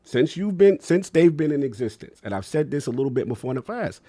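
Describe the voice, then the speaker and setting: A man's voice: fairly high pitch, sing-song, brisk, few pauses, dark tone. A man, talking emotionally and in slang as a podcast co-host. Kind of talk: casual podcast chat.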